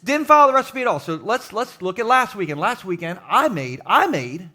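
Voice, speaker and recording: A middle-aged man, a pastor, preaching a jokey, animated sermon to a live congregation in a church. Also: high voice, a little fast. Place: church sanctuary with live audience.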